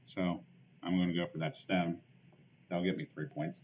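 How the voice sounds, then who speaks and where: A man's voice: sits low, little pitch movement, moderate pace. A man streaming a card game, thinking aloud in casual commentary with lots of fillers and muttered asides. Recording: dull lo-fi stream audio with faint hiss.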